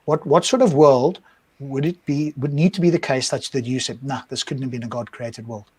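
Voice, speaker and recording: A man's voice: medium pitch, fairly even intonation, a little fast, darkish tone, husky. A man co-hosting a live discussion, arguing his point through a string of rhetorical questions. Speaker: co-host. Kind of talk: casual live-stream discussion.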